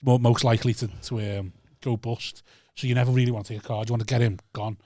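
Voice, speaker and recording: Guy on a podcast, talks quick, swears a lot, dry close mic. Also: medium pitch, steady tone, a little mellow, no room sound. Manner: brisk storytelling, sweary. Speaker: podcast co-host. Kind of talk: casual chat.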